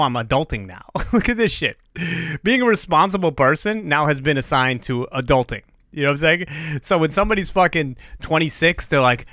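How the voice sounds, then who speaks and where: A man in his forties hosts a casual podcast, talking in a profane, animated rant and often breaking into laughs. His voice sounds bright and forceful. The sound is dry, with no room echo. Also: fairly high pitch. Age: 40s. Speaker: podcast host.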